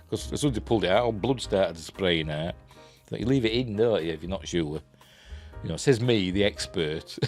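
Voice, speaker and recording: Man, Yorkshire accent, very low voice, casual rambling review, chuckling asides, faint music behind. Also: a little mellow. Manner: rambling, chuckling, self-deprecating, many fillers.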